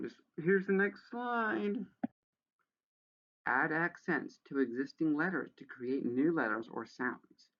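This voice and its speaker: A man's voice: mid-range voice, highs cut off. A man giving sarcastic, exasperated commentary as he reads a how-to page aloud, with a lot of swearing. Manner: exasperated, profane ranting. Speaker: video creator.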